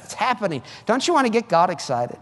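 A man's voice: high-pitched, sing-song, fast talker, a crowd in the background. A man preaching a sermon, urging his listeners fervently and often repeating his words. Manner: fervent, repetitive exhortation. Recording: long hall reverb.

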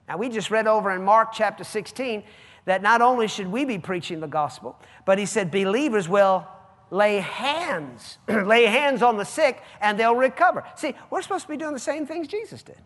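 High-voiced preacher man in a reverberant hall. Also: animated. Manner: dramatic swings between hushed asides and loud drawn-out proclamations. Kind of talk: sermon.

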